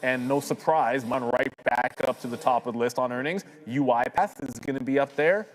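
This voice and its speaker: A man's voice: medium pitch, moderate pace, rough recording. Chatty man co-hosting a trading stream. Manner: chatty, upbeat, addresses chat viewers. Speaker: trading show co-host. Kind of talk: live market commentary chat.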